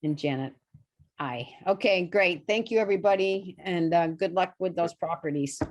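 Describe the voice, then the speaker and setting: A woman with a low voice chairs a committee meeting over a video call. She talks hesitantly, with fillers and restarts. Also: normal speed. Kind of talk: online meeting talk.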